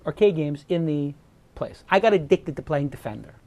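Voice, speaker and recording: A man's voice: a little high, animated, moderate pace, a little mellow, muffled recording. A man from New York hosting a talk show, telling a personal story in an earnest, emotional way with frequent restarts. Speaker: host. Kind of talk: casual chat.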